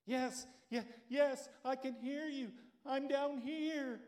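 A man voicing a panicked man hanging from a cliff, yelling and pleading in a high, strained voice. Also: fairly even intonation, slow. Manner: frantic, high-pitched yelling.

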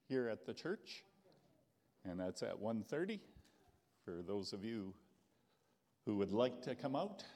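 A man in his sixties preaching a folksy sermon as pastor. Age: 60s. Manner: folksy, warm storytelling with lively pitch.

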